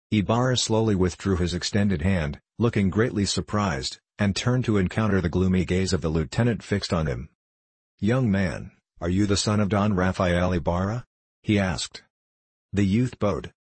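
A man reading a classic novel aloud as an audiobook narrator, in a steady, measured way, lightly voicing the dialogue. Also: low voice, slightly rough, no room sound. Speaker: audiobook reader.

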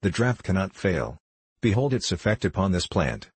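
A man's voice: sits low, very animated, moderate pace, breathy edge, no echo, exaggerated voice. A man voicing an intense, obsessed male scientist who speaks impetuously in old-fashioned words, in an audiobook reading. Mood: earnest.

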